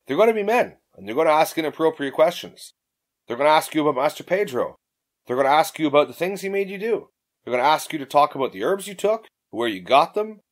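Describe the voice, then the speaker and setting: A man doing a brash foul-mouthed young woman. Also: a little high. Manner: blunt, swearing, impatient.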